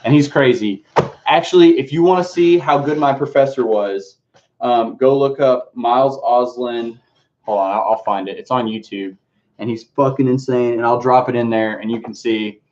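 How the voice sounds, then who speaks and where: A man's voice: medium pitch, moderate pace, darkish tone. A man chatting casually on a live stream as he unboxes his music books, rambling and swearing freely as he answers the chat. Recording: dull lo-fi stream audio.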